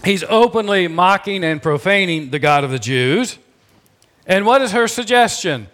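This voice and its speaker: Emphatic preacher man, fairly high voice. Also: expressive, moderate pace, fairly bright tone. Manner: emphatic preaching with repeated phrases. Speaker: pastor. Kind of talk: sermon.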